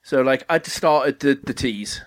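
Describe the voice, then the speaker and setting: Man, mid-pitch, chatty podcast co-host who rambles and keeps dropping into mock voices. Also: unhurried. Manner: rambling storyteller, puts on silly voices. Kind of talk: casual chat.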